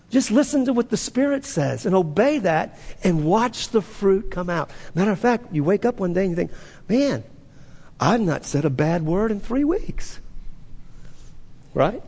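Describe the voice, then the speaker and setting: A man's voice: sits high, vocal fry, dark tone, slightly rough. A man preaching a sermon as pastor, talking conversationally with sudden emphatic bursts, recorded in a church sanctuary. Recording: long reverb of a large hall.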